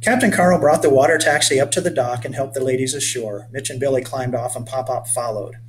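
Gentle older man reading a storybook. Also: mid-range voice, a little fast, a little hiss or hum. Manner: gentle storyteller, stops to explain to young listeners. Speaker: author reading his children's book. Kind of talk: storybook read-aloud for children.

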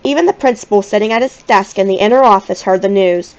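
A woman reading a children's novel aloud in a gentle, expressive storytelling manner. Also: medium pitch, quick pace, dull audio. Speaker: audiobook reader.

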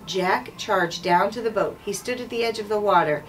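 Woman principal reading a children's book. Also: medium pitch. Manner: clear, measured storytelling to children. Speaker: school principal reading aloud. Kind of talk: children's book read-aloud. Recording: distant mic, faint background noise.

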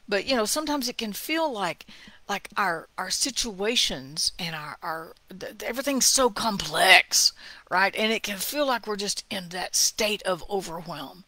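A woman giving a heartfelt, conversational devotional talk, often dropping to a hushed whisper for emphasis. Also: mid-range voice, no room sound. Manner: conversational, with asides and small laughs. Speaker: devotional speaker.

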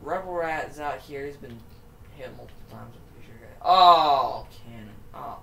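A young man giving excitable, exclaiming commentary while playing a racing game. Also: mid-range voice, fairly quick, gravelly. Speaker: gamer. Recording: echoey room, faint noise.

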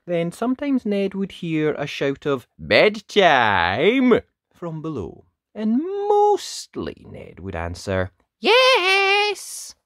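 Male read-aloud narrator, leisurely and very expressive, dry close mic. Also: slow pace, hardly any pauses, no echo. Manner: lively sing-song storytelling, big swoops in pitch. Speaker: storybook reader. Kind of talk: read-aloud picture book in rhyme.

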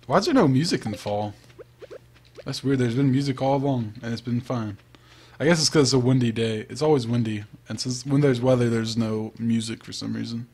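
A man's voice: medium pitch, a little fast, a little mellow, a little hiss or hum. A man giving casual, chatty gameplay commentary, thinking aloud and trailing off as he plays. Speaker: let's play host.

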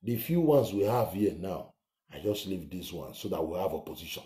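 A male vlogger with a low-pitched, warm, animated voice at a moderate pace delivers heated political commentary on his channel. He's scornful and ranting, swearing now and then, with a roomy echo on the recording.

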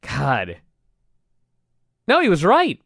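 A man co-hosting a podcast in casual chat, animated and swearing freely, shouting when he quotes someone. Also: on the high side, extremely slow, gravelly, no echo, clean studio sound. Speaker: podcast co-host.

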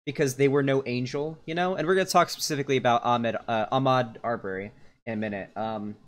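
A man's voice: mid-range voice, fast talker. A young adult man streaming live, giving casual, rambling reaction commentary full of fillers and restarts.

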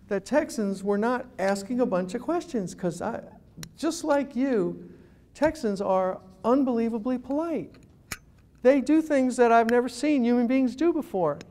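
A man's voice: very high-pitched, darkish tone, slight background noise. A man giving a humorous talk to a live audience as a guest speaker, telling stories and acting out phone calls.

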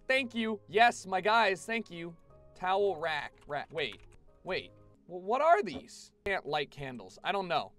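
Animated young male streamer. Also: on the high side. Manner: animated, chatty, swears freely. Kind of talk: casual gameplay commentary to a live chat.

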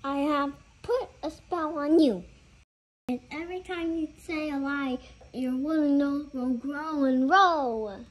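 A man voicing a gentle female fairy with turquoise hair in a bedtime story. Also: very high voice, fairly even intonation, takes it slowly, muffled recording, voice pushed up. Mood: kind.

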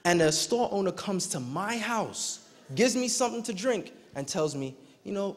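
A young man preaching a youth day sermon, telling a story in an animated, conversational way and acting out the dialogue. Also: high voice, normal speed. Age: young adult. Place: church sanctuary. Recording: long reverb of a church hall.

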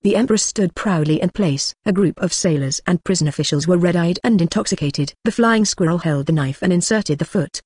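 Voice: medium pitch, brisk, hardly any pauses, a little mellow, husky, no room sound, studio quality. A text-to-speech voice narrating a novel as an audiobook, reading evenly and speaking punctuation marks and stray numbers aloud.

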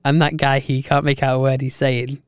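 A man in casual podcast chat with a smooth, resonant voice, often stumbling over his words before going on. The sound is close and dry. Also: mid-range voice, level tone, normal speed, no echo. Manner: chatty, stumbling restarts, laughs often. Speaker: podcast co-host.

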